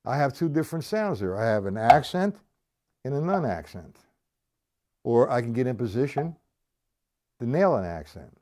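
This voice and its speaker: Animated man teaching drums on a stream. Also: medium pitch, background noise. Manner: animated, conversational, repeats points, checks in with viewers. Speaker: drum teacher. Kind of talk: live-streamed drum lesson. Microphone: live stream camera mic.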